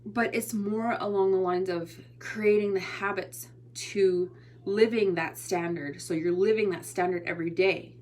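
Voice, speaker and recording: A woman's voice: mid-range voice, fairly even intonation, unhurried, darkish tone. A tired woman hosting a casual motivational livestream, chatty and rambling, often restarting her sentences. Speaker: motivational host and online entrepreneur.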